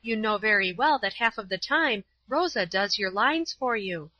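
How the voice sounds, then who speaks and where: A woman's voice: mid-range voice, expressive, moderate pace, pushed and bright, dry recording. A woman reading aloud voices a pious, kind-hearted schoolgirl in a raised, eager, pleading tone. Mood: earnest, pleading. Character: earnest pious schoolgirl, timid but kind. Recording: slightly dull, dry.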